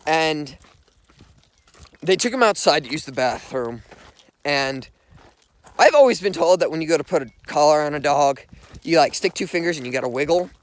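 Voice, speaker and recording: Walking a dog along outdoor streets, a young male vlogger tells a story in an earnest, rambling way, leaning heavily on "like." His voice is fairly high, with lively intonation, a moderate pace, and frequent pauses.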